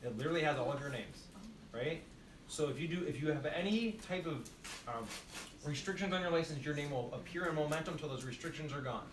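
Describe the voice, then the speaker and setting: Emphatic, higher-voiced nursing instructor in an echoey classroom. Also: male voice, a little fast, noisy background. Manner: emphatic, repetitive drilling, asks the class questions. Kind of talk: classroom demonstration lecture. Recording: echoey room, mic at a distance.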